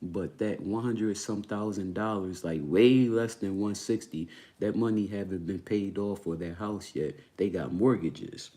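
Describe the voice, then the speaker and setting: A man's voice: fairly low pitch, measured pace, few pauses, warm tone. Emphatic, profane man ranting. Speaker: homeowner vlogger. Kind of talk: casual ranting monologue.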